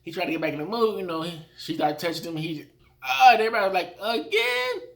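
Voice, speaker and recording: Racing through it, a man gives a casual rundown of rap battles, animated and performing his own reactions, in a voice that sits high.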